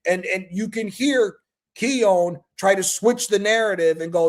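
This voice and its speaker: A man's voice: high-pitched, sing-song, measured pace, darkish tone. A man hosting a casual football chat stream, ranting with heavy swearing and mocking impressions. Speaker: host.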